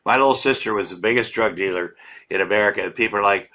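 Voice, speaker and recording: A man's voice: lowish voice, a little fast, bright, forceful tone. A man hosting a podcast, chatting casually and laughing along readily. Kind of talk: casual chat.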